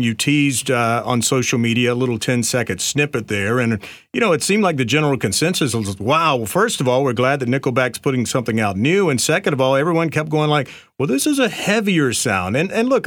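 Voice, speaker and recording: A man's voice: mid-range voice, a bit bright, dry recording. A male radio host interviews his guests in an upbeat, chummy way. His voice sits in a middle range. The sound is dry, as in a studio booth.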